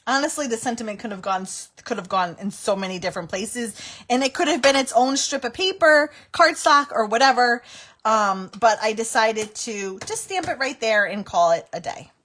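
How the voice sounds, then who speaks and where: A middle-aged woman hosts a live crafting stream, narrating each step in a chatty, giggly way. Her voice sits a little high for a woman, and she keeps talking to viewers as she works. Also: animated, moderate pace, fairly bright tone. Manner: chatty, giggly, breaks into helpless laughter. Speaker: card-making livestream host.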